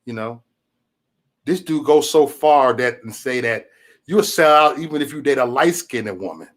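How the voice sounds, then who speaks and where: A man's voice: mid-range voice, animated, normal speed. A man hosting his own livestream, talking in a loose, profane, rambling way and telling stories with a lot of animation. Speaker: livestream host. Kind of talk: casual livestream rant.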